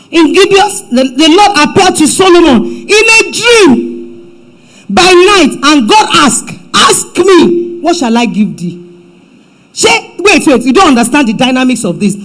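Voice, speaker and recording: A woman's voice: high-pitched, rough recording. Emphatic Nigerian woman preaching. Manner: emphatic preaching, swings from loud to hushed, mixes in Yoruba phrases. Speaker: pastor. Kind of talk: sermon. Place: church.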